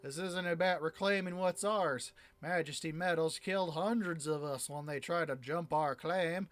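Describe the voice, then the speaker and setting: A man doing a gruff, vengeful miners' leader. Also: fairly high pitch, moderate pace, lightly acted. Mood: grim, vengeful. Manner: put-on accent, spitting anger at the enemy.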